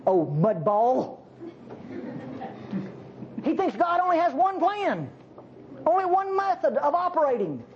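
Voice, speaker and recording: A preacher delivering a sermon in an animated way, with jokey asides to the congregation. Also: very high-pitched, normal speed. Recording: slightly dull recording with faint hiss.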